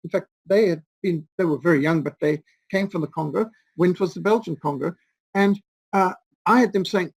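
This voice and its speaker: Gravelly high-voiced man. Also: a little fast, a little mellow, no room sound, rough recording. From Rhodesia. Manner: rambling, anecdotal, with frequent fillers and restarts. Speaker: interview guest. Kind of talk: storytelling in an interview.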